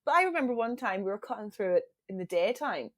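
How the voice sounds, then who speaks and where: A woman from Northern Ireland co-hosting a podcast, telling stories in a giggly, animated way. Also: mid-range voice, fast talker. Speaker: podcast co-host. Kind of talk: casual chat.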